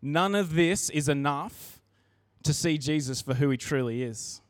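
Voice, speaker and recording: With a voice a little high for a man, an earnest preacher gives a sermon in a church, chatting conversationally and restarting sentences as he talks. He is unhurried. The recording is dry and close, with no room sound.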